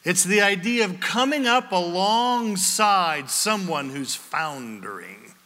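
Bright, high-voiced pastor preaching in a reverberant hall. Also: male voice, expressive, takes it slowly. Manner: conversational preaching with wry humor. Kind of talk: sermon.

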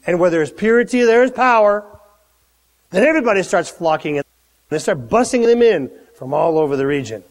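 A male pastor preaching in a high, very lively voice, swinging from hushed asides to loud exclamations. The sermon feels casual and conversational, and the long reverb of a big hall trails behind each phrase. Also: brisk. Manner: animated, conversational, dramatic swings in volume. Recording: echoey hall.

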